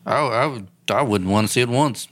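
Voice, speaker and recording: A man's voice: medium pitch, a little fast, fairly bright tone. A man co-hosting a podcast in casual chat, blunt and argumentative, swearing freely. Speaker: podcast co-host.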